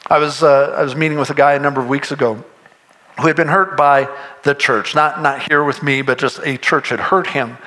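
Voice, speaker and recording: A man's voice: on the high side, steady tone, brisk, pushed and bright, low-quality recording. A man preaching a sermon, earnest and conversational, often restarting his sentences and pushing toward emphatic points. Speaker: pastor.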